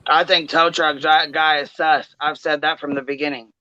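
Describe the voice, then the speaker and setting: A man on a casual livestream panel, folksy and quick to apologize. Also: fairly high pitch, flat delivery, pushed and bright, dry recording. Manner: apologetic, folksy, says "honey". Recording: dull, lo-fi call audio.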